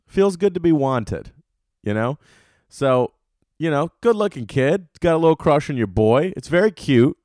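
A man's voice: on the high side, a little mellow, no room sound, studio quality. Profane, rambling young man hosting a podcast. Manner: profane, loose, rambling storytelling. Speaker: podcast host and comedian. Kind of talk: casual solo podcast rant.

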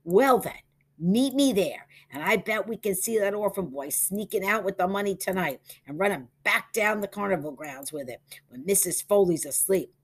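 A woman voicing a bold young boy who talks in an eager, urgent way, pitched above her own voice. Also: lively intonation, moderate pace, breathy edge.

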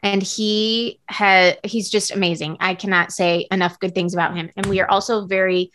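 Bright-voiced chatty woman. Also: medium pitch, fairly even intonation, normal speed, slight background noise. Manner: chatty, earnest, lots of fillers. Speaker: podcast co-host. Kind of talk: casual chat.

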